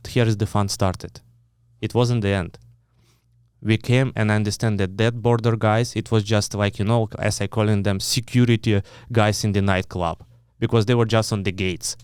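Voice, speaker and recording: A man with a Ukrainian accent, speaking English as a second language, his voice low and smooth. He tells his story bluntly, cursing freely and restarting his sentences often. The sound is close and dry, with no room around it. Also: darkish tone, no echo. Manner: blunt, swears often, acts out quoted dialogue; broken English, frequent restarts. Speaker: guest. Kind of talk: storytelling in an interview.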